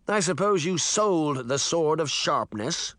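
Male narrator doing a grumbling magic-mirror butler, prim, pitched up, animated. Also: slow, no room sound. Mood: disapproving. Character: fussy, stern magic mirror servant, a short man. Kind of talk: audiobook character voice.

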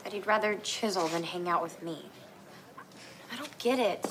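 A woman's voice: lowish voice, moderate pace, heavy background noise, close to an everyday voice. A woman voicing an earnest young cartoon heroine who stammers and hesitates when upset. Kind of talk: cartoon voice acting.

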